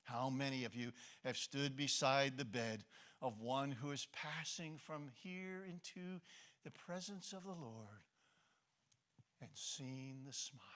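Impassioned male preacher, dramatic swings. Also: mid-range voice. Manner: impassioned, rising to emphasis then dropping soft; repeats and restarts phrases. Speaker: pastor. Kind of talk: sermon.

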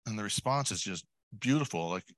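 A man preaching a sermon in a conversational way, putting questions to the congregation, adding asides and clearing his throat often. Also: lowish voice, expressive, fairly quick, a bit bright, no echo. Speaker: lay preacher.

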